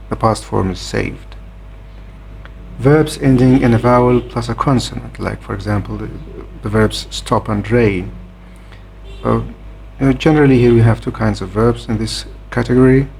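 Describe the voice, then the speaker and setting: A man explaining a grammar lesson in a measured way, pausing often with "uh" between points. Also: medium pitch, creaky, darkish tone, a little hiss or hum. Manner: measured, with frequent "uh" hesitations. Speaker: grammar teacher.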